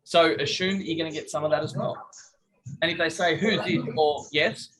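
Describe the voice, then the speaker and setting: A man's voice: a little high, steady tone, fairly quick, fairly bright tone, a little hiss or hum, rough recording. A middle-aged man, coaching a group over a video call in a chatty, joking way and acting out phone calls. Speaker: business coach.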